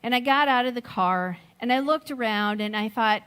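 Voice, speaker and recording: A middle-aged woman giving a sermon, slow and reflective, telling a personal story with gentle laughs. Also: fairly high pitch, smooth. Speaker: speaker at a Sunday service.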